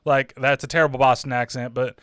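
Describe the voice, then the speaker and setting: A man's voice: medium pitch, level tone, a little fast, fairly bright tone, smooth, dry recording, clean studio sound. A man hosting a casual horror film review, rambling and swearing freely with lots of "like" and "uh" fillers. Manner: rambling, profane, full of fillers like "like" and "uh". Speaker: horror movie reviewer, channel host.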